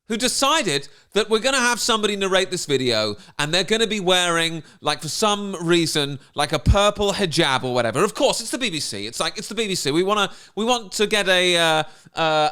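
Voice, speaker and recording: A man's voice: high voice, sharp tone, smooth. A man, a comedian ranting sarcastically, mocking and indignant. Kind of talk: ranting commentary.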